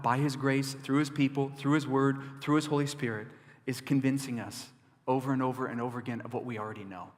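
Man preaching in a reverberant hall. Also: medium pitch. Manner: animated, emphatic preaching with asides and chuckles. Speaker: pastor. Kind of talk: sermon.

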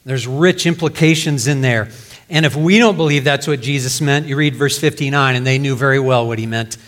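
A man's voice: mid-range voice, a little fast, fairly bright tone. A man preaching a sermon, reading scripture aloud and explaining it in plain words. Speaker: pastor.

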